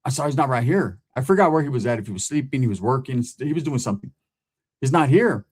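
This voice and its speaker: A man's voice: medium pitch, animated, quick pace, a little mellow, slightly rough. A man from California, telling a story in casual, street-slang style and often tagging his sentences with "right?". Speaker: host.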